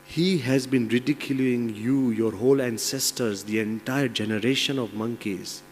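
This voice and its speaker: A man's voice: mid-range voice, moderate pace, slight background noise, lightly acted. A man voicing a cunning male lion in a fable, coaxing and persuasive. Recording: long reverb in large hall.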